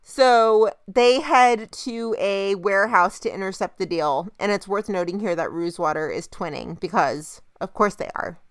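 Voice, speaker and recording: A young woman casually recapping a TV episode as a podcast co-host, telling the plot in an animated, chatty way. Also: medium pitch, moderate pace, hardly any pauses, dry recording, clean studio sound. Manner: chatty, animated retelling with quoted voices. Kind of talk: casual chat.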